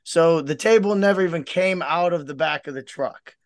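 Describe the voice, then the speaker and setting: A man with a slightly high voice, speaking at normal speed, co-hosts a casual fishing podcast and also organizes tournaments. He tells a story full of laughter, doing lively impressions of what his father said. The conversation is a relaxed chat.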